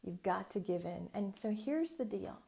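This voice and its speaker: A woman hosting a casual solo podcast, chatty and animated as she tells a client story. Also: medium pitch, normal speed, gravelly. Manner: chatty and animated, acts out voices in quotes. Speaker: business mentor and podcast host.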